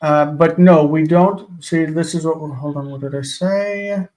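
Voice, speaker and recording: A man's voice: a little high, steady tone, a little slow, a little mellow, poor audio. Precise man explaining through an earpiece. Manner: patient, precise corrections. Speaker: co-teacher. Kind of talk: grammar explanation on a live call.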